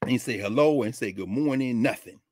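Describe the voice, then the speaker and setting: An older man from Tennessee telling a personal story in a lesson, animated and acting out the people he quotes. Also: mid-range voice, a little fast, no room sound, clean studio sound. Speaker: lecturer.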